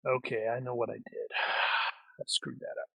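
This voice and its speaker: A man's voice: mid-range voice, flat delivery, unhurried, gravelly, pushed and bright, husky, dry recording. A man acting as game master for a tabletop action game, talking in a rambling way with many restarts.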